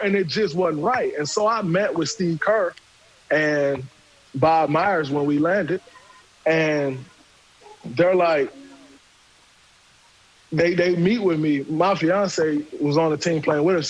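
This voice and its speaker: A man, casually telling a profane, animated story and acting out what people said. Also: on the high side, slow, pauses often, breathy edge, muffled recording. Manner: animated, profane, acts out quotes. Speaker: podcast guest storyteller.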